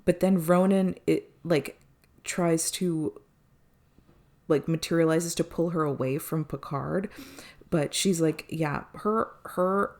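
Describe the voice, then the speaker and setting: Low-voiced woman recapping an episode. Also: takes it slowly. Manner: animated retelling, quotes characters, swears freely. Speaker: podcast co-host recapping an episode. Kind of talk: casual chat.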